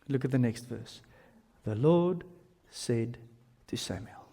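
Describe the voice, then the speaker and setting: A man preaching a sermon as pastor, telling lively stories with casual slang. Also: medium pitch, takes it slowly. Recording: long reverb of a large hall.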